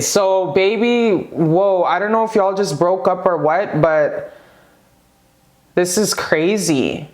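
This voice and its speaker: A woman doing a casual pick-a-card tarot reading, excitable and gushing, rambling into asides and swearing freely. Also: medium pitch, measured pace, reverberant.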